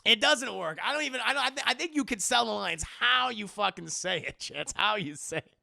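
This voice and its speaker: Animated, gravelly high-voiced male streamer. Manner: animated and profane, quickly acting out characters' lines. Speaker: streamer and film reviewer. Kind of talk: casual scene-by-scene movie recap to live chat.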